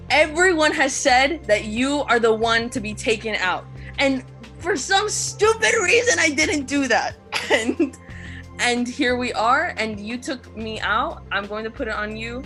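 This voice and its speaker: A woman's voice: on the high side, a bit bright. A woman saying farewell after being voted out of an online game show, swearing freely, stammering and repeating herself. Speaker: eliminated game show contestant. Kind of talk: emotional farewell speech on a video call.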